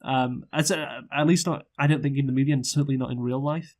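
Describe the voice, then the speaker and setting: A man in relaxed conversation about a film, his speech full of "you know" and "like", stumbling restarts, and the odd curse. His pitch sits in an ordinary middle range for a man. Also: fast. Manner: rambling, profane, lots of fillers and restarts. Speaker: podcast co-host, film reviewer. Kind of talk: casual review chat.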